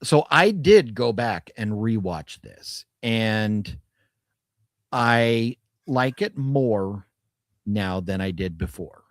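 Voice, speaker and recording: On a podcast, a male co-host chats casually about a movie, rambling, restarting his sentences and laughing. His fairly low voice is animated but slow-paced. It's a dry, clean studio recording.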